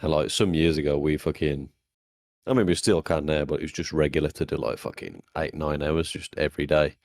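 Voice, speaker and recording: A young man with an extremely deep voice chats on a podcast. He is blunt and sweary and tells stories by acting out what people said. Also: fairly even intonation, fairly quick, darkish tone. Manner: blunt, swearing, storytelling with acted-out quotes. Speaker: podcast co-host. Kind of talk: casual chat.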